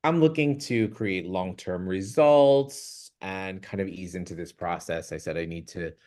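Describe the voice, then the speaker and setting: A man's voice: low voice, measured pace, a little mellow. A man hosting his own show, telling a personal story in a chatty, rambling way, laughing often and acting out what people said. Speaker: vlog host. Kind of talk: casual storytelling.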